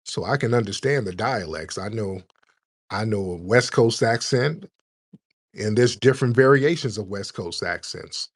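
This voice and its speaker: A man hosts a call-in show in a husky, slightly rough voice. He talks bluntly and casually, teasing his callers and lecturing at length. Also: lowish voice, moderate pace.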